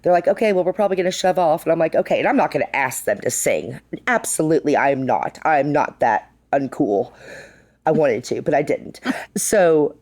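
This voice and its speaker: Low-pitched woman, middle-aged, chatty storyteller, lots of "like". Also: fairly quick. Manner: animated, acts out quotes, says "like" a lot. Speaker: bar co-owner, guest. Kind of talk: casual storytelling. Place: podcast studio.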